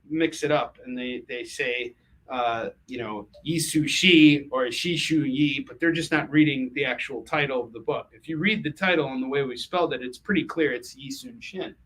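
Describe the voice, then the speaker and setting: An American man hosting a livestream, selling comics and chatting casually in an animated, jokey way with many fillers and restarts. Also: a little high, normal speed, poor audio.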